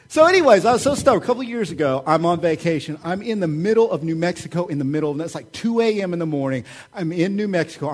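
A middle-aged man preaching a sermon, telling stories in a casual, joking and animated way. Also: on the high side. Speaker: pastor.

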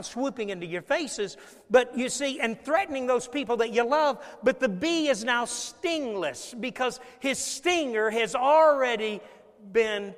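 Male pastor, sermon, high voice, storytelling, asks the crowd questions, long echo of a big hall. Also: fairly bright tone. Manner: storytelling preacher, acts out scenes and asks the congregation questions.

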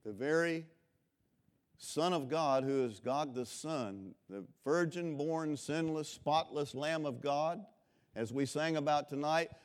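Impassioned preacher, rising and falling. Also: male voice, fairly high pitch, slow. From Florida, USA. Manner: swells to loud impassioned preaching, then drops to quiet storytelling. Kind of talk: revival sermon.

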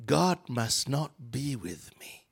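A man preaching a sermon in a church with a Ugandan accent, swinging between shouts and whispers and acting out the people in his story. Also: medium pitch, slow, gravelly, breathy edge. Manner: animated, swings from shouting to whispering, acts out voices.

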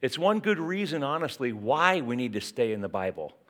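A pastor preaches in an animated, conversational way, his pitch rising and falling freely. He throws rhetorical questions and asides to the congregation, moving between punchy emphasis and quiet, drawn-out lines.

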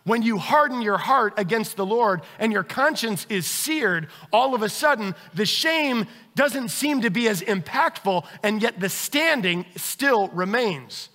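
A man's voice: high voice, expressive, a little slow, few pauses, bright, forceful tone, long reverb tail. A man preaching a sermon as pastor, acting out everyday scenes with quoted voices.

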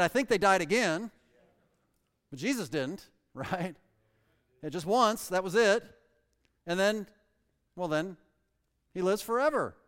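A pastor preaching a sermon, emphatic and swinging between loud and soft, reading scripture aloud in old-fashioned wording. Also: male voice, a little high. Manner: reads scripture aloud in King James wording. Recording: long reverb of a large hall.

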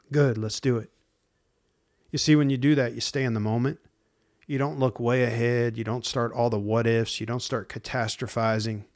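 A man preaching in a casual, conversational sermon, speaking plainly to listeners and slipping into slang and hushed acted-out asides. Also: medium pitch, steady tone, moderate pace. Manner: acts out inner voices in hushed asides. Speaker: pastor.

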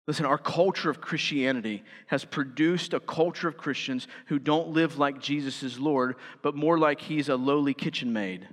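A man preaching a sermon as pastor, rising to emphatic peaks and dropping to quiet, earnest lines. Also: a little high, moderate pace, hardly any pauses, big-room sound.

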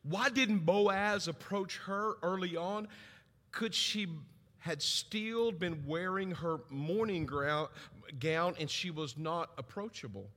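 A middle-aged man preaching a sermon, telling stories and acting out family voices with big swings in pitch. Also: slow pace, fairly bright tone. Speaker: pastor. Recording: long hall reverb.

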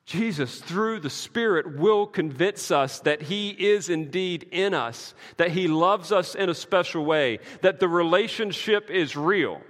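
Emphatic male preacher, bright voice with lively pitch, casual asides, long hall reverb. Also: measured pace, few pauses. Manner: emphatic, swings from quiet to loud. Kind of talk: sermon.

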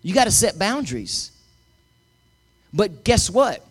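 High-voiced emphatic male pastor preaching. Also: very animated, takes it slowly, husky. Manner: emphatic, calls for congregation responses. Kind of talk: sermon.

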